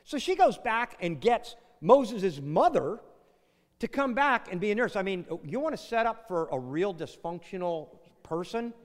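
A man's voice: sits high, very animated, measured pace. A man preaching a sermon in a chatty, storytelling way, acting out quotes and tossing in asides. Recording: long hall reverb.

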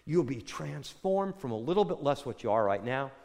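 An older man preaching a sermon as a pastor, telling a story and swinging between loud bursts and soft, hushed lines. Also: medium pitch, very animated, moderate pace, gravelly, long reverb tail.

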